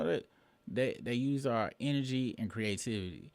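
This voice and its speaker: A man's voice: mid-range voice, animated, moderate pace, creaky, a little mellow, dry recording. A man in his late thirties hosting his own show, delivering a rambling, profane commentary monologue with emphatic bursts. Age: late 30s. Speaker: show host.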